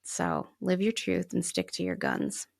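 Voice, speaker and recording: A woman co-hosting a podcast, chatting casually and telling lively stories, acting out what others said and laughing often. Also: on the low side, unhurried, vocal fry. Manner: animated storyteller who acts out quoted dialogue and laughs often. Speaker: podcast co-host. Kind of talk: casual conversational podcast chat.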